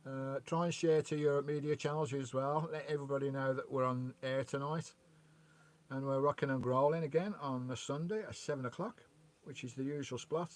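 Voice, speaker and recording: A man's voice: mid-range voice, fairly even intonation, moderate pace. Chatty man hosting a vanlife livestream. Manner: chatty, greets and reads out viewers' chat messages. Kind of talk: casual live-stream chat. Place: outdoors by a loch beside his van. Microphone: remote microphone.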